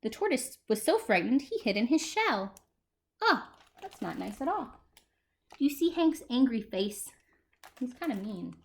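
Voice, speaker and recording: A woman's voice: fairly high pitch, unhurried, gravelly, pauses often, a little hiss or hum. A woman librarian reading a picture book aloud to preschool children, asking them questions as she goes. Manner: animated, talks to small children.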